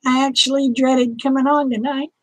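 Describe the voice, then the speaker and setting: A Southern woman with a high voice talks to her viewers on a livestream, emotional and close to tears. Her chatty voice sounds dry and close to the mic. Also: steady tone, moderate pace, dry recording, poor audio. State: tearful. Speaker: livestream host. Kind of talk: casual live chat with viewers.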